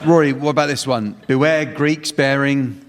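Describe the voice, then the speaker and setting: Dry deadpan guy hosting a comedy panel game, mid-pitched voice, long hall echo, loud noise behind. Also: normal speed. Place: theatre stage before a live audience.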